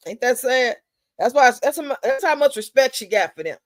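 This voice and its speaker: A woman's voice: sits high, a little fast, no echo. A woman hosting a live stream, chatting casually in a blunt, profane, drawling way.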